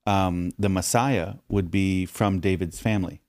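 A man's voice: sits low, steady tone, measured pace, darkish tone, dry recording, clean studio sound. A man casually explaining a Bible passage to his co-host. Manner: explanatory, with short agreeing backchannels. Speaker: podcast co-host.

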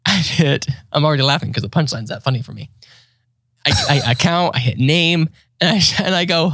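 A man's voice: fairly high pitch, fairly quick, dry recording, studio quality. A man in casual chat, telling a funny story and acting out the voices of the people in it. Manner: animated, acts out voices of others in his stories.

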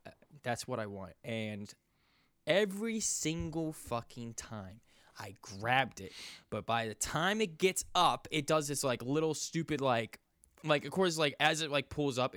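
A young man spins a rambling, profanity-laced story in loose casual chat. He grows louder and much higher as his frustration builds. The sound is close and dry, with no room around it. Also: no room sound. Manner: rambling, profane, gets loud and high when riled. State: sore.

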